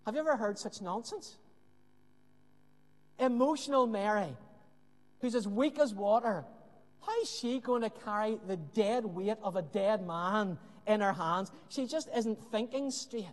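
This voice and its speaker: A man preaching a sermon with earnest emphasis and dramatic pauses, often dropping to a hushed voice. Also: sits high. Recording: long hall reverb.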